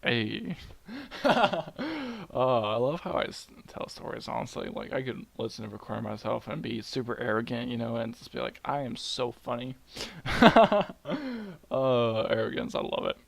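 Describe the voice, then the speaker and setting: A young man retelling a myth casually at home, muttering quietly and rambling with jokes. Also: medium pitch, fairly even intonation, fairly quick, gravelly, few pauses. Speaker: storyteller. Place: home at night.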